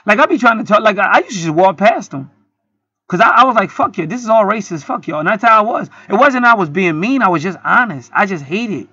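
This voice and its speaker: A man's voice: high voice, lively intonation, fast, pushed and bright, no echo, dull audio. A man telling a story in a casual, heated monologue, swearing often and rambling with many restarts. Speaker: channel host.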